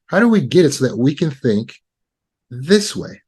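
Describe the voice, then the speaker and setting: A man teaching self-help in a steady, mid-pitched voice. He explains each step plainly and says his key points again and again. He speaks like someone coaching a group through an exercise. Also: fast, husky. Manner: repetitive, instructive, walks through steps. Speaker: trauma recovery teacher.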